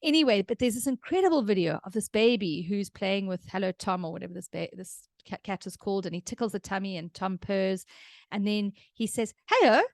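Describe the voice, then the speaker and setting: A middle-aged woman with a South African accent hosts a podcast, offering parenting advice in a casual, chatty, explanatory way and laughing easily. Her mid-range voice is brisk with a darkish tone. The recording is dry and clean, with a studio sound.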